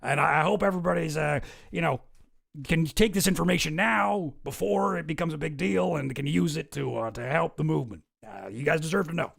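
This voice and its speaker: A man's voice: fairly high pitch, brisk, vocal fry, fairly bright tone, heavily acted. A man doing a sarcastic impression of a blustering talk-show host making a fake, rambling confession. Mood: mock-sincere. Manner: mock-sincere, sarcastic, rambling.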